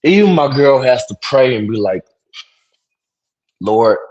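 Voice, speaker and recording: A man's voice: medium pitch, sing-song, normal speed, darkish tone, no echo, highs cut off. A sleepy young man chatting live on a phone stream, yawning, rambling and apologizing, loose and profane. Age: young adult. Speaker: livestreamer. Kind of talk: casual live-stream chat.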